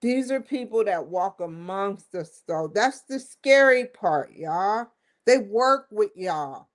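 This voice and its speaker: A woman's voice: mid-range voice, expressive, slow pace. A woman hosting her own show, giving an emphatic, rambling opinion commentary that circles back and repeats points. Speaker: show host.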